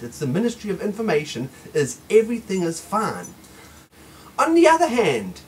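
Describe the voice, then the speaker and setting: A man's voice: high voice, slight background noise, poor audio. A man hosting an opinion monologue, insistent and emphatic, repeating his points. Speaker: host.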